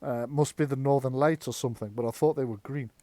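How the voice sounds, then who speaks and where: A man narrating and running a tabletop horror game as game master, chatty and quick to laugh. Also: medium pitch, steady tone, warm tone, no room sound. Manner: chatty, laughs often, slips into quick character voices.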